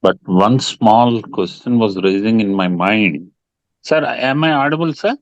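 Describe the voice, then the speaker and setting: Man, audience questioner, deferential, slow speech, dry close audio, video call. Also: fairly low pitch, dry recording, dull audio. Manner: very polite, repeatedly saying sir. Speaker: audience member asking a question.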